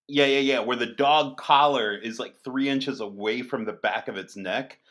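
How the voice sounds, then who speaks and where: A man in casual chat, laughing a lot and chiming in with quick comments. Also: medium pitch, a bit bright.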